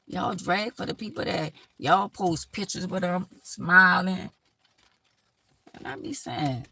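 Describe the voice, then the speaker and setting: A woman's voice: fairly low pitch, moderate pace, pushed and bright, slightly rough, no echo. A woman hosting a live stream, giving blunt, emphatic life advice in a casual, preachy way.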